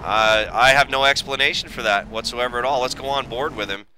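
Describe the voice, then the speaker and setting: A man commentating a sim racing league, excitable with crude asides. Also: mid-range voice, a little fast, slight background noise, poor audio. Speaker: race commentator.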